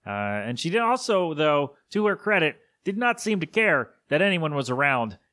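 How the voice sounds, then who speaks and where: A man's voice: fairly high pitch, very animated, moderate pace, pushed and bright, no echo, studio quality. Rambling casual podcast man. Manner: rambling, casual, many fillers and self-corrections. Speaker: podcast host. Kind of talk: solo storytelling podcast.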